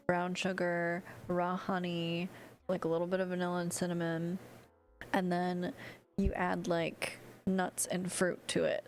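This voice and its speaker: Gravelly, chatty young woman streamer. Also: lowish voice. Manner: chatty, profane and sarcastic. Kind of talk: casual livestream chat over gameplay.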